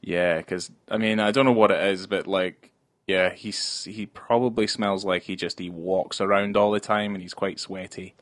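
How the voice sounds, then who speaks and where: Rambling low-voiced man. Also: fairly even intonation, normal speed, a bit bright, dry recording. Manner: rambling, jokey, lots of fillers and restarts. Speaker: podcast co-host. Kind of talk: casual film podcast chat.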